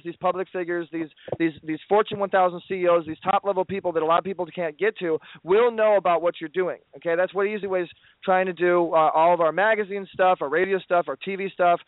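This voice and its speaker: A man with a high voice hosts a radio talk show and wraps up with effusive, pleading plugs and playful banter in an excited promotional sign-off. The recording is dry and tinny, like a phone line, with no room sound.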